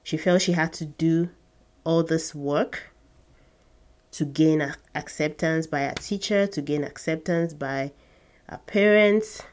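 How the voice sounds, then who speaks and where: A woman's voice: sits low, takes it slowly, darkish tone. A woman hosting a podcast, telling a personal story to her listeners in an earnest, reflective way with short laughs. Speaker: podcast host.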